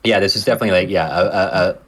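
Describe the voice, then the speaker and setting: Low-voiced male co-host, easygoing, short agreeing replies. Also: very fast, a bit bright, breathy edge. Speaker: podcast co-host reviewing a film. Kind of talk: casual chat.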